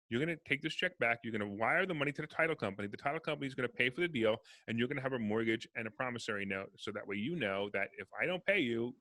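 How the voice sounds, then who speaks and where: A man talks in a casual podcast interview, rattling through stories at a quick clip. His voice has a bright, forceful edge. The sound is dry and close. He acts out both sides of each conversation. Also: mid-range voice, no room sound. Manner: fast, animated storyteller acting out dialogue. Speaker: real estate investor guest.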